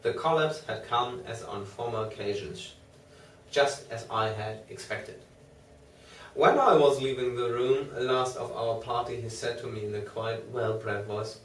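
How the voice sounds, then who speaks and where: A man narrating an audiobook at a very slow, deliberate pace with a mid-range voice. The sound is roomy and distant from the mic, with faint noise underneath. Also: mid-range voice, a bit bright. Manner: slow, measured reading. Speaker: audiobook reader.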